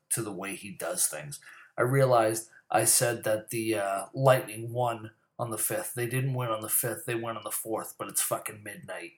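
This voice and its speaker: A man's voice: fairly low pitch, echoey room. A man giving a heated, profane, rambling monologue about sports. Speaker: sports commentary host. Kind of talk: profane casual sports rant.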